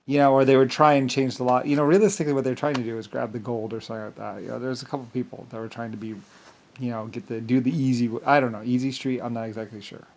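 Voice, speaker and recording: Guy rambling on camera, keeps stopping and restarting, lots of likes, goes quiet then suddenly loud, mid-pitched voice. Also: steady tone. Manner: rambling, halting, full of restarts and filler words; swings between mumbling and sudden loud bursts. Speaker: self-styled storyteller. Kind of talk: rambling monologue.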